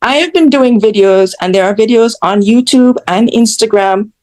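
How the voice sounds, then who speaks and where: A Jamaican woman who creates social media content tells her stories candidly in an interview. Her voice is fairly high with a darkish tone at normal speed, and she speaks bluntly, with self-mocking asides and acted-out quotes.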